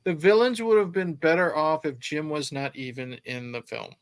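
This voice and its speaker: A man's voice: fairly high pitch, moderate pace, clean tone. A man co-hosting a casual film podcast, giving blunt, profane opinions.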